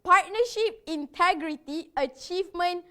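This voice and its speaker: A woman's voice: extremely high pitch, unhurried, a bit bright. A woman hosting an online training event, reading out quiz questions in a chatty, breathless way and repeating herself. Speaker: event host running quizzes.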